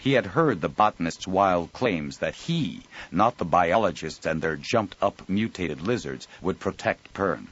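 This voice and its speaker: A man narrating an audiobook in an even storytelling delivery. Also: low-pitched, unhurried, few pauses, husky, muffled recording. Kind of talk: scripted narration.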